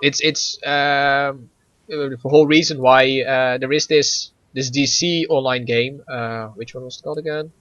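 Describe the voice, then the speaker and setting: A man's voice: mid-range voice, steady tone, unhurried, a bit bright, no echo, dull audio. A man co-hosting a casual gaming chat, rambling with stammers, restarts and frequent laughs. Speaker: gaming podcast co-host.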